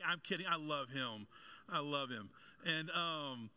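A male pastor delivering a sermon in a bright, forceful voice. He throws questions out to the congregation and slips in jokes as his delivery climbs in energy. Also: on the high side, very animated, brisk. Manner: preaching with rising intensity, asking the congregation questions; joking aside with congregation members.

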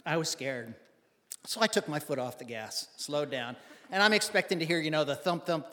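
A man's voice: a little high, a bit bright, long reverb tail. A man telling a personal story to an audience in a wry, conversational, self-deprecating way.

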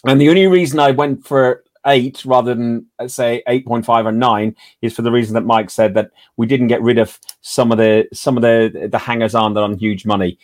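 A man's voice: mid-range voice, steady tone, brisk, few pauses, dry recording, clean studio sound. A man hosting a fan podcast, with a chatty manner full of stammered restarts. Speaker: podcast host. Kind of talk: casual podcast chat.

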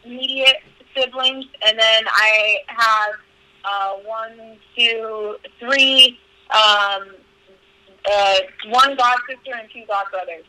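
A woman's voice: a little high, fairly even intonation, slow pace, pushed and bright, smooth, low-quality recording. A young woman guest on a podcast, telling stories in a candid, profane way full of "like" fillers. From California. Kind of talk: casual storytelling interview.

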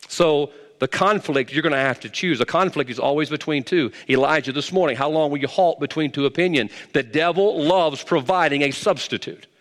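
A middle-aged man preaching a sermon in a folksy, emphatic way, dropping into low asides and rising to raised exhortation. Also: a bit bright. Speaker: pastor. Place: church sanctuary. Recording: long reverb of a large hall.

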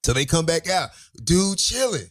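A man co-hosting a podcast, telling a wild story in casual, profane chat and acting out the quotes loudly. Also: a little high, very animated, normal speed. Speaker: podcast co-host.

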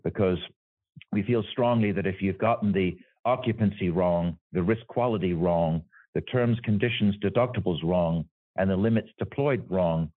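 A man's voice: deep voice, moderate pace, no room sound. A man working as an insurance executive, explaining his business in an interview and often checking in with "right?". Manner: explanatory, tags points with "right?". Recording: dry, phone-like remote audio.

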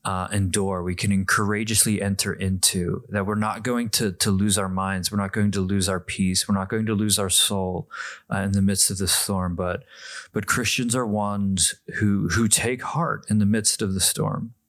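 A man co-hosting a podcast, reflecting on a Bible passage in a measured, thoughtful way. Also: on the low side, flat delivery, a bit bright, no echo. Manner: measured, reflective, with frequent restarts. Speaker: podcast co-host. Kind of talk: casual Bible discussion.

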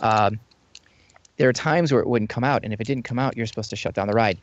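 A man's voice: medium pitch, quick pace, dull audio. A man telling stories about his years as a theme ride tour guide in a casual chat, rambling and acting out the lines he used to say to guests. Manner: rambling storyteller who acts out what he said to guests.

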